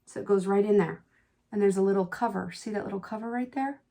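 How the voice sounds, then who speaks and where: A middle-aged woman chatting through a makeup tutorial, candid and quick to exclaim, telling a personal story as she works. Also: mid-range voice, vocal fry, mellow. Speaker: beauty vlogger.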